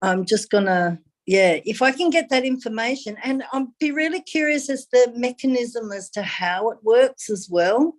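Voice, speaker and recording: A woman's voice: a little high, expressive, normal speed, few pauses. A woman on a call, asking polite, careful questions. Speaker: caller. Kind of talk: casual phone consultation.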